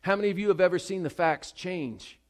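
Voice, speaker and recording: A male pastor delivers a sermon in a fairly high voice. He swings between hushed, quiet passages and loud, stressed lines, speaking straight to the congregation. He repeats his key phrases to drive them home. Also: a little fast.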